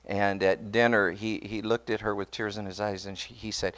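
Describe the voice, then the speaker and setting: A man's voice: on the low side, flat delivery, moderate pace, a bit bright. Earnest man telling a sermon story. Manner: conversational and earnest, often restarting words; addresses the congregation directly. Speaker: pastor. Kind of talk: sermon told as a personal story.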